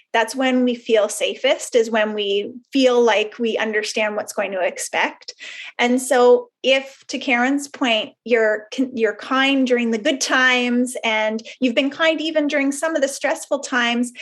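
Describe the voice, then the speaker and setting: A woman counsellor explaining a concept in a webinar, in an explanatory way with fillers and everyday examples. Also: fairly high pitch. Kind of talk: webinar presentation.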